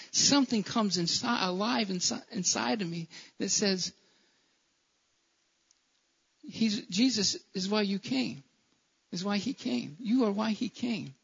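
A man's voice: high voice, vocal fry, fairly bright tone. A man preaching a sermon in a church, impassioned, often stumbling and restarting his phrases. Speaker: pastor. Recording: dull lo-fi church recording.

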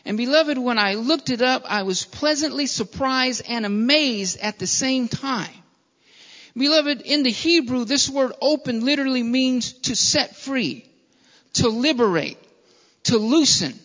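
High bright-voiced pastor preaching, earnest and repetitive, dull lo-fi recording. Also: male voice, expressive, a little slow. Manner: earnest preaching, repeats phrases, addresses listeners as beloved. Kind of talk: sermon. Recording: dull lo-fi sound with long hall reverb.

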